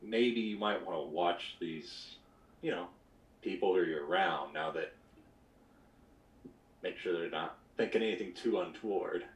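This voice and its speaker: A man playing a tabletop role-playing game, asking curious questions in a lively way. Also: low-pitched, a little slow, long pauses. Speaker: tabletop player. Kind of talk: casual tabletop role-play. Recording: echoey, distant.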